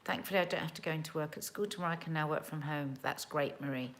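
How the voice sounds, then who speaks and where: A woman's voice: deep voice, fast talker, slight background noise. A woman hosting a casual livestream from home, reading viewer comments aloud in a chatty, earnest and emotional way.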